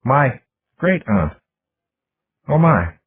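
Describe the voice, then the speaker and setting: A man voicing a slow, wondering computer intelligence. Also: mid-range voice, sing-song, husky, pitched above the performer's own voice, full character voice. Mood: musing. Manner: slow, wondering, childlike questions. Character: young curious male computer intelligence. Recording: tinny lo-fi audiobook recording.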